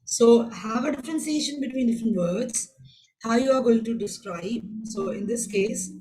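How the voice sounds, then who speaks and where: A woman's voice: a little high, moderate pace, dark tone, a little hiss or hum, rough recording. Woman teaching an online class. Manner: instructive, switches into Hindi phrases. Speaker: IELTS teacher.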